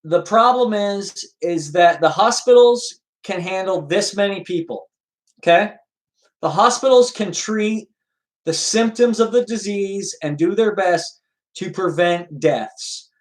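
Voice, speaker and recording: A man's voice: high voice, slow pace, poor audio. A man hosting a livestream in an earnest, lecturing way, reading viewer comments and answering them by name. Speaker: livestream host.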